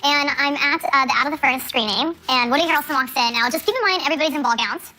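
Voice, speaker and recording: A young woman chatting as a guest on a talk show, telling stories in a bubbly, quick way. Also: sits high, sharp tone. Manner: bubbly, quick storytelling with laughs. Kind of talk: casual chat.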